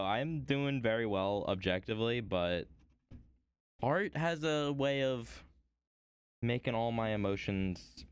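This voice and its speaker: A man's voice: fairly low pitch, clean tone, no echo. A man streaming himself woodcarving at home, chatting to viewers in a rambling, playful way. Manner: rambling, playful, talks to chat. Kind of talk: casual chat while woodcarving.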